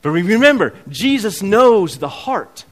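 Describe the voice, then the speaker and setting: A high-pitched man delivers a sermon in a church sanctuary. He talks to the congregation like a conversation, acts out the people in the scripture, and then presses hard at the key points. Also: big pitch swings, measured pace. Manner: conversational preaching, acts out quoted voices, builds to emphatic peaks. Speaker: pastor.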